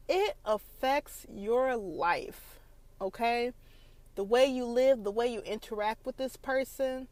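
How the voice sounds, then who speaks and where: A young woman hosts a casual podcast monologue, telling her story with fillers and false starts. Her voice sits at a middle pitch for a woman. The recording is dry and close, with no room sound around her. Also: a little mellow, dry recording. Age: young adult. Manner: chatty storytelling, frequent fillers and restarts. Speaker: podcast host.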